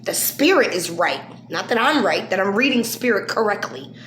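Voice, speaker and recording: A woman talking casually to her viewers, upset and emotional, sighing between soft lines and loud bursts. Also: mid-range voice, very animated, moderate pace, echoey room, slight background noise. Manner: emotional, swings from soft sighs to loud outbursts. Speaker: vlogger.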